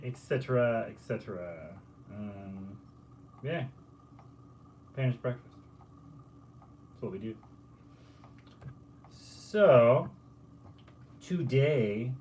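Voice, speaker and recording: A man, a painter, chatting casually to camera in a relaxed, rambling way with lots of filler words. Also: mid-range voice, slight background noise. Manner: laid-back and rambling, full of filler words. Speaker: painter and muralist. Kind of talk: casual vlog storytelling.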